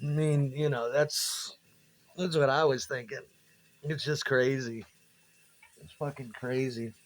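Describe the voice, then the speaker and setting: A man's voice: medium pitch, takes it slowly. A man, a musician, telling rambling, profane stories about old gigs and acting out what people said. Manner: profane, rambling, animated when quoting people. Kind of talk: casual storytelling monologue.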